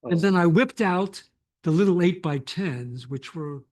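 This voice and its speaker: An older man, a photographer, telling anecdotes on a lecture stage in a reflective, animated way with restarts. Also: fairly high pitch, unhurried. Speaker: photographer guest. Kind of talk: conversational storytelling.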